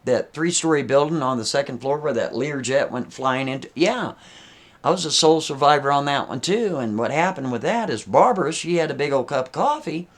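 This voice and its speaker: A man's voice: a little high, pitched above the performer's own voice, natural voice. A man voicing a nervous young man who rambles and stammers defensively. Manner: rambling, hesitant, with stammered restarts.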